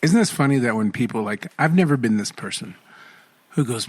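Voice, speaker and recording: Animated man, casual podcast banter. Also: mid-range voice, fairly quick, breathy edge. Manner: animated storyteller who puts on voices. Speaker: podcast co-host. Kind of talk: casual chat.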